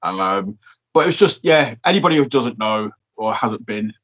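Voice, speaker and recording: A man's voice: fairly low pitch, lively intonation, normal speed, a bit bright, highs cut off. A male podcast host interviewing a guest in a friendly, enthusiastic way.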